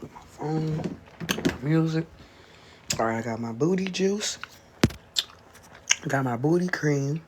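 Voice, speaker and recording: A livestreamer chatting casually to viewers, rambling and profane, with quick self-interrupting explanations. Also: mid-range voice, background noise.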